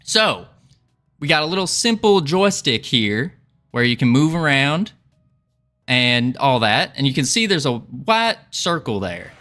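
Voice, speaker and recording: A man's voice: mid-range voice, sing-song, unhurried, bright, forceful tone, faint music behind. A man putting on a hammy Southern accent, playing a cheery, folksy cowboy while he explains his first game on a livestream. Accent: put-on Southern US. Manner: folksy, hammy, laughing at himself. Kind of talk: livestream game dev chat in character.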